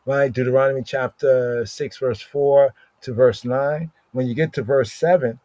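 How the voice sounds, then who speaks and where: A man teaches scripture at an unhurried, drawn-out pace, turning single words over and over and tagging "right?" onto almost every phrase. The sound is dull and lo-fi, close and dry with no room around it. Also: medium pitch, fairly even intonation, mellow, dry recording. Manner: repeats words over and over, asks "right?" constantly. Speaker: Bible study teacher. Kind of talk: livestreamed scripture study. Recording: dull lo-fi stream audio.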